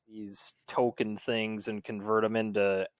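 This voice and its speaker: A man's voice: fairly low pitch, little pitch movement, unhurried, clean tone, dry recording. A man co-hosting a podcast, chatting loosely and rambling with lots of fillers. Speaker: podcast co-host. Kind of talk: casual chat.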